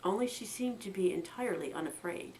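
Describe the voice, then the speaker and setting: Expressive American woman reading a storybook aloud. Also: brisk, far from the mic, a little hiss or hum, low-quality recording. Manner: expressive, lifting her pitch for quoted lines. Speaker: children's book reader.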